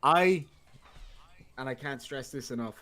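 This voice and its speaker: A man's voice: medium pitch, a little slow, pushed and bright. A man with an Irish accent, ranting with lots of swearing in a casual podcast chat. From Ireland. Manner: profane, ranting. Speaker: co-host.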